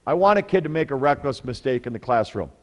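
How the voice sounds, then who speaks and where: A middle-aged man presenting at a parenting workshop, telling stories in an animated way and asking the audience questions. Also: mid-range voice, fast talker, long reverb tail. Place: large conference room.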